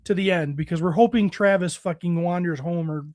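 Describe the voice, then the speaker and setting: A man with a high-pitched voice chats casually as a podcast co-host. He gets excited and rambles, swearing freely. The sound is dry and close. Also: a little fast, no echo. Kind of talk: casual chat.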